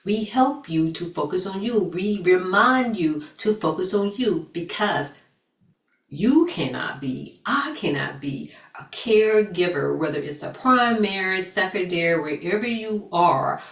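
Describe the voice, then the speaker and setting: Low, unhurried woman coaching from afar. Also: animated, roomy sound, distant mic. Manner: earnest, repeats phrases for emphasis. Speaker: self-care coach and academy founder. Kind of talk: motivational talk to camera.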